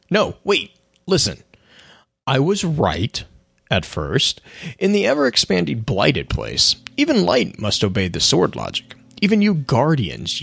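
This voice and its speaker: Um feiticeiro louco e indignado, com voz rouca e áspera, lido por um homem que sobe bem acima do tom normal dele e oscila muito. Ele repreende com grandiloquência teatral, numa gravação seca e próxima. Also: male voice, medium pitch, gravelly, husky, dry recording, voice pushed up, exaggerated voice. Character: unhinged male hive-obsessed sorcerer, scolding.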